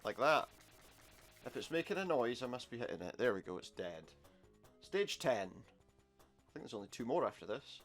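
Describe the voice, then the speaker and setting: A man's voice: mid-range voice, big pitch swings, moderate pace, long pauses, fairly bright tone. A man commenting casually on a retro game he plays, with wry jokes and muttered asides. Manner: wry, jokey asides, muttered under breath. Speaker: gameplay commentator. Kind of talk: casual let's-play commentary. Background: game music.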